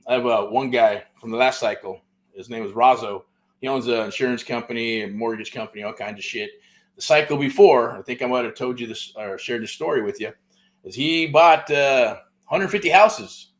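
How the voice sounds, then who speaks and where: Middle-aged socal guy rambling through a real estate story, swears a lot, keeps saying right? and man. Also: mid-range voice. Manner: loose and profane, with many fillers like "right?" and "man". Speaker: real estate show host. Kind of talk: casual storytelling monologue.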